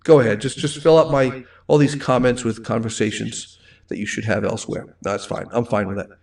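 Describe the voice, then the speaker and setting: A man's voice: mid-range voice, fairly even intonation, brisk, gravelly. Man, Rhode Island accent, middle-aged, rambling live-stream host, a bit far from the mic. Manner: rambling, chatty, reads viewer comments aloud. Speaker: host of a live wine show. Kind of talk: casual live-stream chat.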